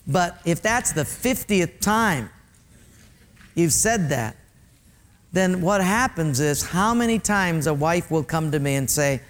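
A middle-aged male pastor preaching a sermon with animated delivery, repeating key phrases for emphasis and talking directly to his congregation. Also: a little high, measured pace.

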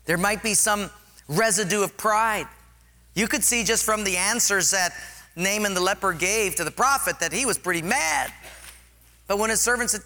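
A man preaching a sermon, telling stories with lively acted-out scenes. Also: high voice, normal speed, long reverb tail. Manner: animated storytelling, acts out scenes.

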